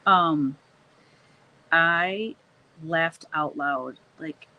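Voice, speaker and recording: A woman's voice: low-pitched, drawn-out words, bright, forceful tone, muffled recording. Chatty laughing woman painting on stream. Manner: chatty, laughs often, trails off and restarts. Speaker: live-stream host. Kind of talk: casual chat while painting, reading live chat.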